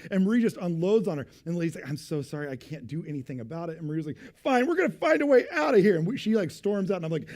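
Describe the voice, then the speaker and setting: A young pastor spins a comic story from the pulpit, switching into voices for everyone he meets and dropping to a near hush for suspense. His voice is a little high for a man, with a mellow, relaxed tone. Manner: animated storyteller, acting out voices, drops to a hushed tone for suspense. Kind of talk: storytelling sermon.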